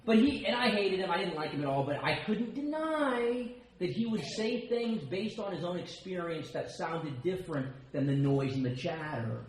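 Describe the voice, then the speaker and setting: Animated man in an echoey hall. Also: high-pitched, a little hiss or hum. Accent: American. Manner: animated storytelling, quick asides and self-mocking humor. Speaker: speaker at a recovery meeting. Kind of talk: personal share talk. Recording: very echoey room with faint ambience.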